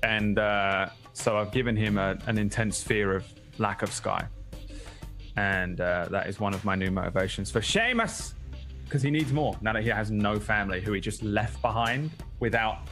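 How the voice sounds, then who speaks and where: A man's voice: on the low side, normal speed, a bit bright, soft background music. A man chatting as a player in a tabletop game, rambling, swearing casually and laughing often. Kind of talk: casual actual-play chat.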